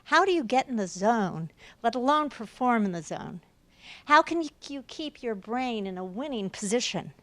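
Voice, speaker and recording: A woman's voice: on the high side, expressive, normal speed, a bit bright, dry recording. A woman hosting a university talk, reading a prepared introduction of the guest speaker with a few restarts. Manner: reads aloud, with occasional restarts. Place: university lecture room.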